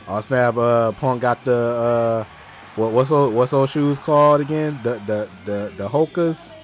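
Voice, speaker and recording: Streamer, male, excitable and slangy, laughs a lot and repeats lines, faint music under him. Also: mid-range voice, measured pace. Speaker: watch-along streamer. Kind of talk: casual live reaction chat.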